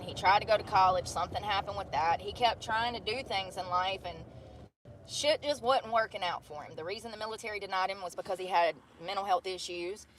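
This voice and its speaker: Woman vlogger in her thirties, mid-pitched, blunt rambling chat, street noise and passing cars behind. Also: fairly bright tone. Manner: blunt, swearing, rambling storytelling. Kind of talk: casual chat. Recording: noisy outdoor street ambience.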